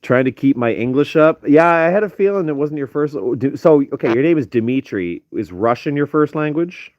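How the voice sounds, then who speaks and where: A man's voice: a little high, expressive, a little fast, a little mellow, no echo, lo-fi sound. A sleepy young man hosting a casual stream, reading chat in a playful, teasing way.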